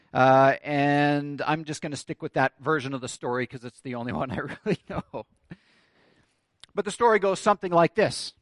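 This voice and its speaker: A man's voice: fairly high pitch, no room sound. A man preaching a sermon, telling a story and building to emphatic declarations. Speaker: pastor.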